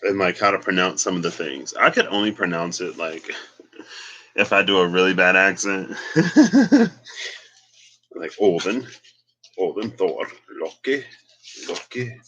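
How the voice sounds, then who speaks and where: A man's voice: low voice, sing-song, measured pace, long pauses, bright, forceful tone, muffled recording. A man giving a casual solo tarot reading and rambling as he thinks aloud. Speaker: tarot reader.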